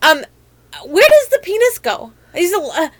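A woman co-hosting a podcast in excitable, crude, giggly casual chat. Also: extremely high pitch, normal speed, no echo. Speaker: podcast co-host.

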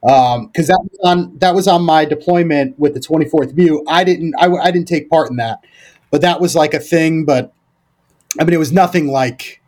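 A former Marine appearing as a podcast guest tells stories in a loose, rambling way, full of fillers, restarts and casual swearing. His voice is a little high and slightly mellow, at normal speed.

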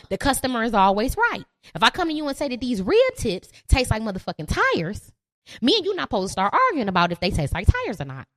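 A woman's voice: high voice, a bit bright. A young woman hosting a podcast, ranting in a profane, rowdy, preachy way. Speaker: podcast host. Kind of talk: ranting monologue.

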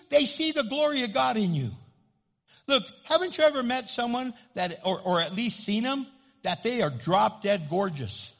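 Lively high-voiced preacher in a hall. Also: male voice, creaky. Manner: emphatic preaching with call-and-response. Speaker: pastor. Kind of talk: sermon.

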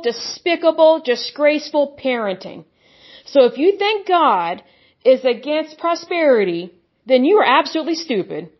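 In a muffled recording, a woman with a high voice preaches a fiery sermon. She's blunt and contemptuous, ridiculing opposing views by imitating their holders in put-on voices.

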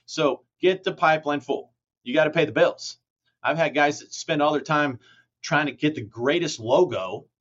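A man, a franchise company president, giving blunt, emphatic motivational answers in a podcast interview. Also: a little high. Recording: muffled lo-fi audio.

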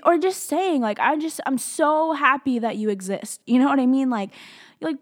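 A young woman telling a personal story, halting and candid, with many fillers and restarts as she talks openly about her feelings. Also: medium pitch. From outside the US.

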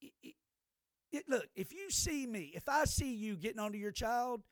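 A man's voice: extremely high pitch, expressive, moderate pace, no echo, clean studio sound. An older man co-hosting a podcast, telling stories in a rambling, profane way with many restarts. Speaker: podcast co-host. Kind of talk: casual chat.

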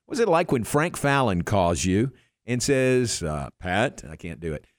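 An older man hosts a relaxed interview from a radio studio. His voice sits a bit low, and the sound is close and dry with no room echo. He is friendly and laughs easily. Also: moderate pace. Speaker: radio show host.

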